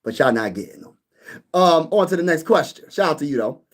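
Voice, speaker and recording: A young man hosting a casual sports live stream, reading viewer comments and bantering back with lively energy. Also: fairly high pitch, fairly quick. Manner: animated, reads chat comments aloud and banters. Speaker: sports YouTube host.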